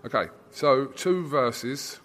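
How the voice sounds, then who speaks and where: A man's voice: mid-range voice, takes it slowly, a bit bright. A man interviewing a guest in casual, teasing banter. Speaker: sports interviewer.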